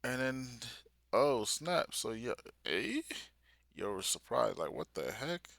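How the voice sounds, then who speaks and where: A young man hosting a live manga reaction, reading aloud and reacting in excited, slangy casual talk. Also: medium pitch, takes it slowly, vocal fry, dry recording, clean studio sound. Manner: excited, slangy, talks along while reading.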